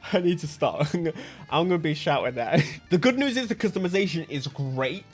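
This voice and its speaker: High-voiced excitable man commenting on racing. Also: moderate pace, faint music behind. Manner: excitable, jokey, laughs often. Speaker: gaming channel host.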